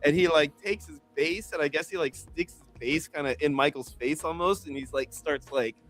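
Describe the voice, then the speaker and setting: Podcast guy rambling thru a story, lots of likes and um, voice sits a bit high. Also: normal speed, fairly bright tone, soft background music. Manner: rambling storyteller, many fillers. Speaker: fantasy sports podcaster. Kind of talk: casual chat.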